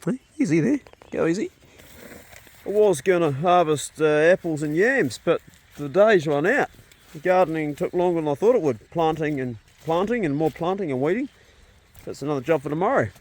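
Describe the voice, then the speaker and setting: A man's voice: a little high, lively intonation, brisk. Easygoing male homesteader outdoors. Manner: chatty, easygoing, talks to his animals. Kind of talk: casual outdoor vlog commentary. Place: outdoors on a rural farm paddock. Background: sheep and dogs nearby.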